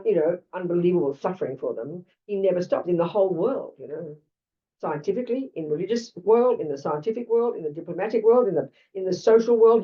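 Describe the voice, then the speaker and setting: Older australian woman teaching, lowish pitch, blunt, chatty asides, dull far-off mic. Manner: blunt, conversational, frequent asides. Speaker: Buddhist teacher. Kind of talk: dharma talk. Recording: lo-fi, distant mic.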